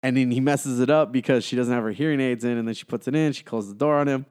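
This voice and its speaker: A man hosting a relaxed movie podcast, retelling scenes with acted-out lines and plenty of fillers. His voice sits at an ordinary middle pitch. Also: fast talker, clean tone. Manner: animated storyteller, acts out quotes, frequent fillers. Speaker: podcast host. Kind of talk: casual movie review chat.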